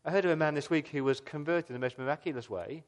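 A pastor delivers an earnest sermon, putting questions to his listeners and shifting between loud emphasis and soft, quiet lines. His voice sits a little high and moves fast.

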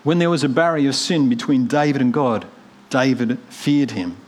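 A man's voice: mid-range voice, moderate pace. Earnest man preaching a sermon. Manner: earnest, swings from hushed storytelling to rising emphatic appeals.

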